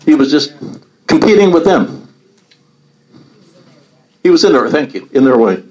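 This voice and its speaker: A man's voice: fairly high pitch, very animated, a little slow, a little mellow, low-quality recording. A man leading a Bible study, reading scripture aloud and commenting on it earnestly.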